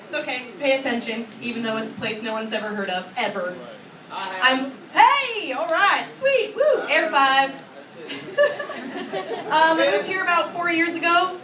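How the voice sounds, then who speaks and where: A woman's voice: high voice, unhurried, pauses often, noisy background. A young woman from Oregon performing a chatty, self-mocking stand-up set on a comedy club stage, acting out little voices. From Oregon, USA. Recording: echoey club, recorded from far off.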